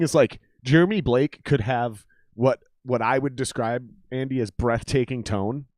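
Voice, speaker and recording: A man hosting a podcast in a casual, animated, profane talking style. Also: medium pitch, unhurried, no room sound, studio quality. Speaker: podcast host.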